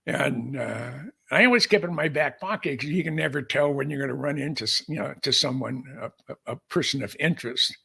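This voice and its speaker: Older man, gravelly husky voice, folksy rambling podcast guest. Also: mid-range voice, a little fast, bright, forceful tone. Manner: folksy, rambling, with frequent restarts and fillers. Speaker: podcast guest, aviation historian. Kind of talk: storytelling in casual conversation.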